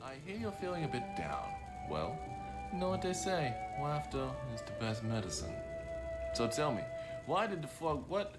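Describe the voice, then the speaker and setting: A man putting on an odd, drawn-out silly voice as a creepy would-be charmer, in a clip with music behind him. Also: on the high side, big pitch swings. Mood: smarmy. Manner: oddly drawn-out, silly put-on delivery.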